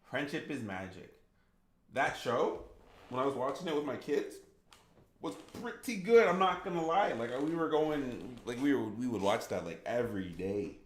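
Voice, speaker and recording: A man's voice: mid-range voice, animated, normal speed, a little hiss or hum. A man in his thirties, a gaming streamer chatting casually and rambling with lots of "like" and restarts. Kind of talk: casual livestream chat. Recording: echoey room.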